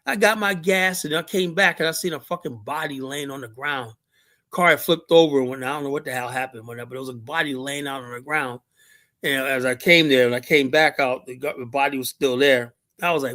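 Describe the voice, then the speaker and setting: A man's voice: a little high, fairly quick, sharp tone. A middle-aged man from Liberia co-hosting a talk show, ranting in a profane, rambling way with lots of fillers. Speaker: show co-host. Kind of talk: heated opinion talk.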